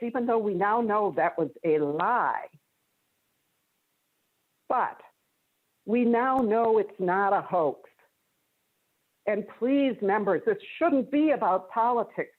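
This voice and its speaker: A woman legislator with a Minnesotan accent speaking earnestly and insistently from home in a floor debate by video call. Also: medium pitch. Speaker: state legislator. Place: her home. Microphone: remote video call. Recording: tinny phone-like remote audio.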